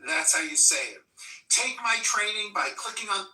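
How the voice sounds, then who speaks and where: An American woman teaching English pronunciation, speaking slowly and spelling out each sound with deliberate care. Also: mid-range voice, lively intonation, sharp tone, echoey room, recorded from a distance, rough recording. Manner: slow, deliberate, over-articulated. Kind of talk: pronunciation lesson.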